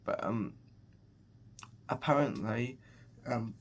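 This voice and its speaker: A man casually retelling a film's plot, rambling along with lots of restarts and filler phrases. His voice sits at an ordinary middle pitch. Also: big pitch swings, takes it slowly, vocal fry, husky. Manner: rambling, full of restarts and "he's just like". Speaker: movie reviewer. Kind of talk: casual film recap.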